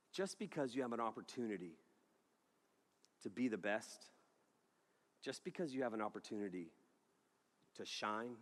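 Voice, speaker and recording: A man preaching a sermon to a live audience, telling a funny story in an animated way, laughing and shouting as he acts out the scene. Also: lowish voice. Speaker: youth pastor. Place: large hall. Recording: echoey hall with long reverb.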